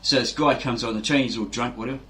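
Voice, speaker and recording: Quick-paced and steady in tone, this man's medium-pitched voice comes across fairly bright. In the manner of a fitness channel host, he rambles casually, keeps asking "right?", and acts out quotes.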